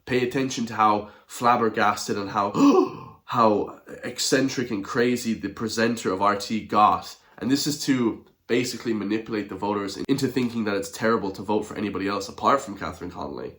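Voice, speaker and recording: A man's voice: fairly low pitch, fairly quick, few pauses. Scornful man ranting. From Ireland. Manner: animated, scornful, mock gasps. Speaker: political commentary vlogger. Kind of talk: ranting video commentary.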